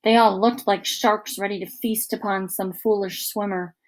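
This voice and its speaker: A woman narrating a children's book aloud in an expressive, lively storytelling manner. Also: mid-range voice, moderate pace. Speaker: audiobook narrator.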